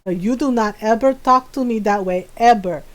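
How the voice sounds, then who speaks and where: A woman's voice: a little high, normal speed, pitched below the performer's own voice, lightly acted. Woman doing a fierce little mom. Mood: stern, threatening. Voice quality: broken English, clipped and commanding. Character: stern little Filipino mother, fierce and blunt.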